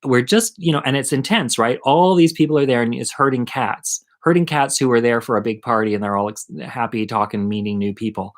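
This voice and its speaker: A middle-aged man telling a personal story at home in a chatty, animated, self-mocking way. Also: mid-range voice, a little fast, hardly any pauses. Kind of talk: casual storytelling monologue.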